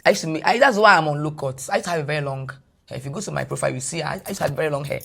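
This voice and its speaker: A Nigerian woman with a husky, breathy voice recounts her experience as a podcast guest. She sits a little low in pitch and tells it with animated energy, sliding between English and Pidgin as she goes. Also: racing. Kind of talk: personal storytelling in a podcast interview.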